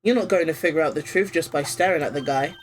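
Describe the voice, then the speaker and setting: A woman's voice: deep voice, quick pace, a little hiss or hum, natural voice. A woman voicing a smug older male defense lawyer who talks down to his junior. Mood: condescending. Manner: condescending, teasing.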